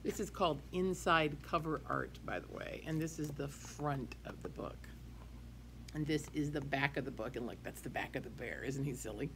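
A woman preschool teacher reading a picture book aloud to young children, in an animated sing-song way with hushed whispered asides. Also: sits low, moderate pace, background noise.

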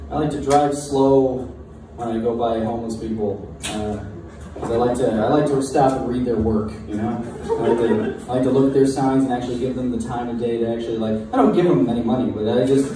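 A young man doing a halting, self-deprecating stand-up set in a bar taproom. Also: mid-range voice, warm tone. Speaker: stand-up comedian. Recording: echoey distant room mic with crowd noise.

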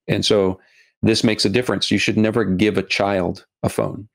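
Middle-aged male guest, low gravelly voice, earnest, halting, repeats words. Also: little pitch movement. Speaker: guest, documentary filmmaker. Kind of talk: podcast interview.

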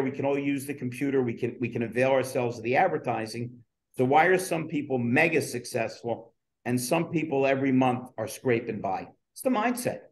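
A middle-aged man co-hosting a casual chat, who talks in a rhetorical, coaching tone. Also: medium pitch. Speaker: podcast co-host.

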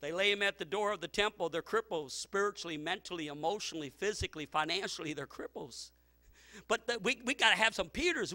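Middle-aged male pastor, piercing bright tone, lively laughing sermon delivery. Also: high-pitched, fast, no echo. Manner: animated, laughing preaching with shouted peaks.

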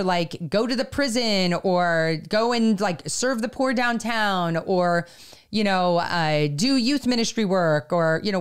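A middle-aged woman co-hosting a faith podcast, talking in a halting, earnest way with many fillers, at times near tears. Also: mid-range voice, clear, resonant tone. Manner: halting, filler-heavy, growing emotional and earnest. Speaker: podcast co-host. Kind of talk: faith-based casual podcast talk.

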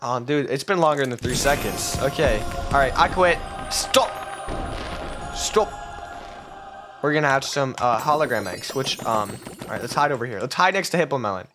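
A man doing excitable, melodramatic gameplay commentary as a gaming video creator. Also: normal speed, over music. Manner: excitable, melodramatic, jumps to squeaky yelps. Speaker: gaming YouTuber.

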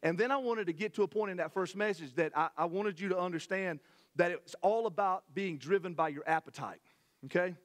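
A middle-aged man, preaching a sermon to his church in a folksy, animated way with many restarts. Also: sits high, brisk. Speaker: pastor. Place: church sanctuary.

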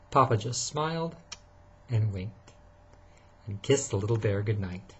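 A man reading a bedtime story to his child, softly and lively, pausing to ask her questions. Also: lowish voice, a little hiss or hum.

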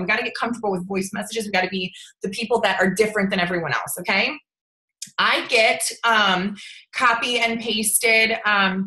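A young woman leading a casual sales training over a video call, chatty and animated, with lots of fillers and laughter. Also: reverberant. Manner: acts out quoted voices with big pitch jumps. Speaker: sales team leader training her team.

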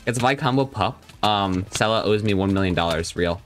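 A man's voice: lowish voice, normal speed, soft background music. A young man live-streaming a game, chatting casually and joking as he reads and answers his viewers' chat.

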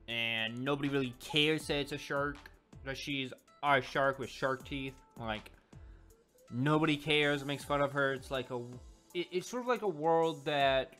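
A man casually reviewing a web comic, rambling and correcting himself as he goes. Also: fairly high pitch. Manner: rambling, self-correcting, animated. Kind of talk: casual video commentary. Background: faint background music.

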